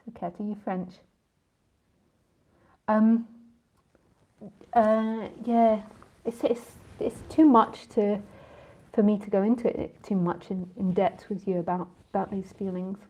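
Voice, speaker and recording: A woman's voice: medium pitch, steady tone, slow pace, long pauses, darkish tone. A woman spiritual teacher in a casual live talk with listeners, rambling and chatty, often laughing and drifting off on tangents.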